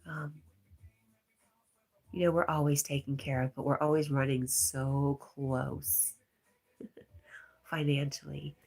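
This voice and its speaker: Low husky woman reading chat softly. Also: flat delivery, slow pace, long pauses. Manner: reads viewer comments aloud, often softly whispered. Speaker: livestream host reading chat. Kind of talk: casual livestream chat.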